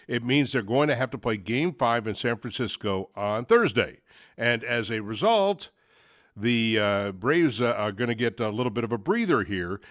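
A man's voice: mid-range voice, expressive, moderate pace, a bit bright, no echo, studio quality. A man hosting a sports talk show, talking casually and rambling with many fillers and restarts. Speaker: sports radio host.

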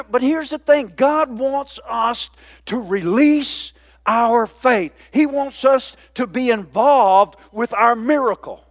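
A man preaching a sermon, drawing out key words and calling for the congregation's response. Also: extremely high pitch. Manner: call-and-response preaching, drawn-out emphasis. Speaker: pastor.

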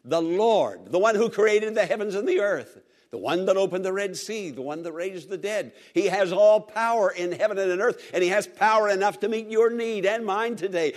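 A man's voice: high-pitched, moderate pace. A man preaching a sermon, repeating phrases emphatically and calling for responses from the congregation. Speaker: pastor.

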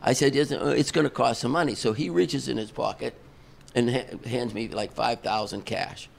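A man's voice: mid-range voice, moderate pace, gravelly. An older man, a concert promoter telling a long rambling backstage story full of fillers and restarts. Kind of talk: casual storytelling.

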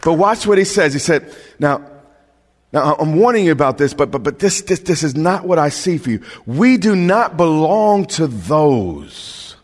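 A male pastor preaching a sermon with passion, repeating words as he builds and sometimes shouting. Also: a little high, a little fast. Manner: impassioned preaching with stammered restarts, rising to shouts. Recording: long hall reverb.

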